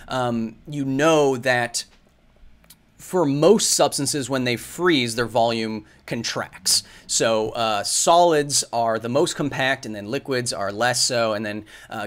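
Rambling male science host. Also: medium pitch. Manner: rambling, thinks aloud with many fillers and restarts. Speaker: science video host answering viewer questions. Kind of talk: casual livestream Q&A.

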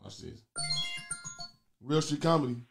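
A man hosting a comedy call-in show with loud, crude, taunting banter aimed at his callers. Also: a little high, measured pace, gravelly, soft background music.

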